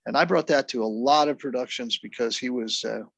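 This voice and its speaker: A man, a drummer guest, telling stories in a relaxed, even-keeled way during a casual interview. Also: medium pitch, a little fast, gravelly, slightly rough, dry recording. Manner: laid-back, even-keeled storyteller.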